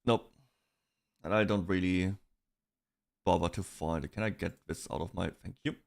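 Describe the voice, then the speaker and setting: A man's voice: low-pitched, normal speed, vocal fry. A man streaming, chatting casually about online drama in a rambling way, with restarts and bursts of laughter.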